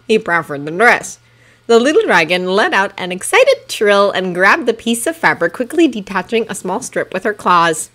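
A woman reading a fanfiction story aloud in steady storytelling narration. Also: medium pitch, normal speed. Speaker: fanfiction reader. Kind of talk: audiobook narration.

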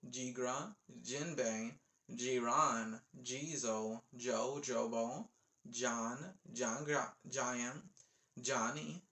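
A man slowly reading out a long list of names, one at a time, with offhand casual asides. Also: medium pitch, a bit bright. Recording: roomy echo.

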